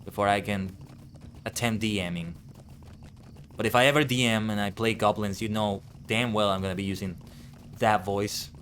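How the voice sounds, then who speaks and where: Low-voiced man chatting over gameplay. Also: fairly even intonation, normal speed, long pauses, a bit bright, slight background noise. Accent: non-native English accent. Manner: thinks aloud, rambling and musing. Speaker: VTuber streamer. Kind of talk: casual live-stream gameplay chat.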